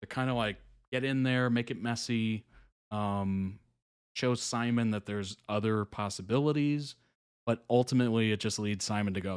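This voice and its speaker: Low-voiced man chatting on a live stream. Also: normal speed, clear, resonant tone. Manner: relaxed, chatty, reads viewer comments aloud; frequent soft laughs and fillers. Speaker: reaction streamer. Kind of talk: casual live-stream commentary.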